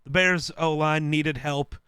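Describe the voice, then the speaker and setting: A man co-hosting a casual sports podcast, blunt and quick to swear as he teases the others. His voice is bright and smooth, and it is recorded dry and close. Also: fairly high pitch, fairly even intonation, no echo. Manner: blunt and profane, teasing. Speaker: podcast co-host.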